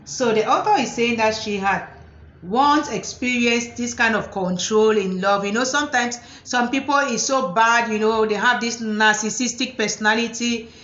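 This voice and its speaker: A lively woman therapist speaks in a fairly high voice, animated and mocking the controlling partners she describes. The room rings with echo, and the sound is a little dull. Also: moderate pace. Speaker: psychotherapist and motivational speaker. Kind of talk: talking to camera about relationships.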